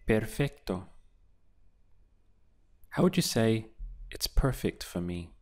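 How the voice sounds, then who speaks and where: A man teaching a beginner language lesson, asking patient prompts and then giving clear model answers. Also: lowish voice, lively intonation, slow. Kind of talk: slow, deliberate language lesson with pauses.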